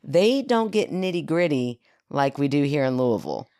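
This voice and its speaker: A woman with a very low voice teases and jokes as a podcast co-host. Her pitch swings widely as she talks, and the recording is dry and close. She sounds playful and loose throughout. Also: big pitch swings, normal speed, mellow, no room sound. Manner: playful, teasing, jokey. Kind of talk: casual chat.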